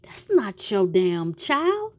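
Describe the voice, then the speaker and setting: A woman's voice: mid-range voice, huge pitch swings, takes it slowly, no echo, voice pushed up, exaggerated voice. A woman voicing an angry, jealous male doctor who is coming apart, crude and confrontational, in a casual retelling. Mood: accusing.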